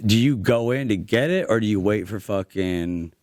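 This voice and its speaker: Male comic co-host, low voice, hesitant casual chatter. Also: darkish tone, no echo, clean studio sound. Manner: halting, filler-heavy, profane. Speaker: comedian podcast co-host. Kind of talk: casual chat.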